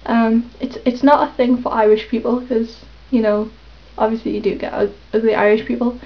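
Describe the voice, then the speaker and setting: A woman rambling hesitantly in a casual confessional vlog, with lots of pauses and ums. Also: on the high side, fairly even intonation. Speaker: vlogger. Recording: dull lo-fi webcam audio.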